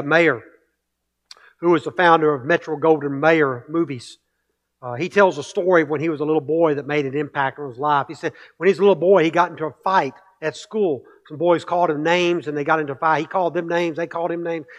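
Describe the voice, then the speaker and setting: A man's voice: fairly high pitch, fairly even intonation, brisk, dull audio. A male pastor preaching a sermon, emphatic, repeating key phrases and building with rhetorical questions.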